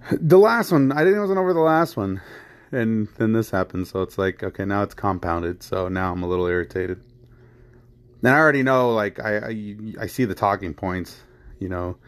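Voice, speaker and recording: Frustrated rambling man, lowish voice. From United States. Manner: heated, rambling, repeats phrases and swears; frequent fillers like "you know" and "I mean". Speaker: podcast host. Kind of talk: casual chat.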